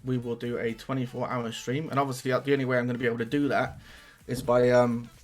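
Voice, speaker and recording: A man's voice: mid-range voice, level tone, quick pace, soft background music. A young man, chatting casually as a guest on a streaming podcast and swearing now and then.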